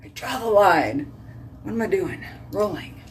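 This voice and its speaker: A woman's voice: mid-range voice, lively intonation, unhurried, a little hiss or hum. A woman, chatting casually in a vlog, sassy and joking as she rambles. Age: 30s. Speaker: vlogger.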